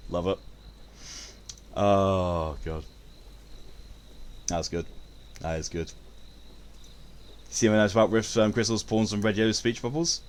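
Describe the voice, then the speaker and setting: A young man chatting casually through a game stream. He jokes crudely and reads out viewers' messages. His voice sits a little low. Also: fairly even intonation, moderate pace, long pauses. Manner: crude, joking, reads out chat. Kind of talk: casual live-stream chat.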